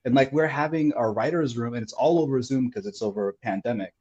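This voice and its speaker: A man's voice: mid-range voice, fast talker, a little mellow, lo-fi sound. A man who is a TV writer, a guest on a podcast, talking over a call in a rambling way and saying "like" over and over. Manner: rambling, heavy use of "like". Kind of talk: casual interview chat.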